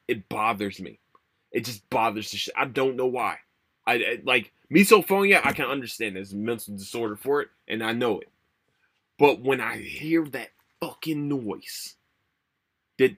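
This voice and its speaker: A young man hosting a solo podcast, rambling and swearing a lot, tired and low on energy. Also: a bit bright, husky. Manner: profane, rambling, repeats himself. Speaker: podcast host. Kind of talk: casual solo podcast rant.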